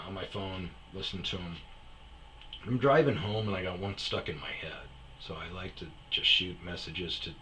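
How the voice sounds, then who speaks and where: Man, host type, tired, rambling casual storyteller with a bright, forceful voice, faint background hum. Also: sits low, rough recording. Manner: rambling and chuckling, acts out his friends' lines.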